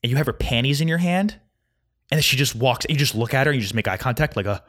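A young man hosting a solo podcast, rambling through a casual rant at a quick, anxious clip. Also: medium pitch, animated, fairly bright tone. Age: young adult. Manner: fast, rambling, anxious storytelling. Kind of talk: casual ranting monologue. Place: Chicago.

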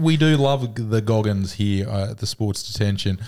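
Australian man, low-ish voice, chatty sports co-host, rambles with fillers, slightly under the weather. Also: moderate pace, a little mellow. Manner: rambling, repeats words, lots of fillers. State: coughing, has a cold. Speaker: podcast co-host. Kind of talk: casual sports banter.

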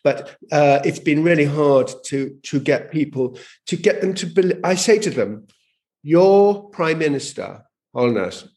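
A man's voice: fairly high pitch, normal speed, hardly any pauses. A man speaking as a guest in a conversational interview, telling stories animatedly, often repeating and restarting words as he thinks. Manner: animated storytelling, frequent repetitions and restarts. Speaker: guest, language campaigner.

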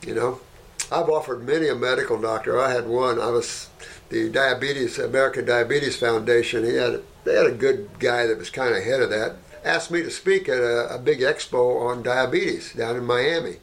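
A man who runs an herbal clinic, talking casually and rambling through anecdotes, often tagging "you know" and "right?", and growing animated as he tells them. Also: moderate pace, creaky. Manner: animated, jumps up in pitch when telling stories.

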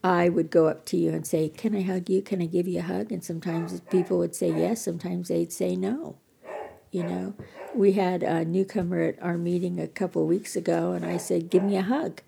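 A woman's voice: lowish voice, flat delivery, moderate pace, gravelly, warm tone, a little hiss or hum. An older woman telling her personal recovery story as a podcast guest, candid, earnest and self-deprecating.

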